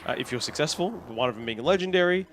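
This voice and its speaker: A man's voice: a little high, lively intonation, rapid-fire, soft background music. A young Australian man chatting casually on a live stream, rambling and a bit tired, with some yawning. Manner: rambling, chatty, talks to chat while resetting a game.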